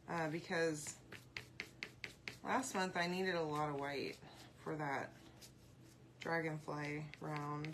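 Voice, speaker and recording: A woman's voice: on the low side, noisy background. A woman hosting a casual crafting tutorial, chatting and rambling to viewers as she paints and answering their comments aloud. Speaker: craft video host.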